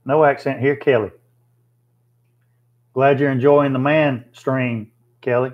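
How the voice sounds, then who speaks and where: Phone-quality sound carries a mid-range, steady voice speaking slowly. The man is hosting a casual livestream, reading viewer comments, chatting plainly, and using fillers as he thinks aloud.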